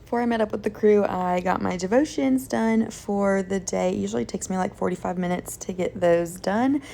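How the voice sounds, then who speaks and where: A young woman chats casually in her travel vlog, upbeat and full of "like" fillers. Her voice carries a lot of gravelly vocal fry at a middling pitch. A faint hiss sits under the recording. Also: normal speed, dark tone. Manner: chatty, upbeat, lots of "like" fillers. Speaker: flight attendant vlogger. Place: hotel room and crew travel.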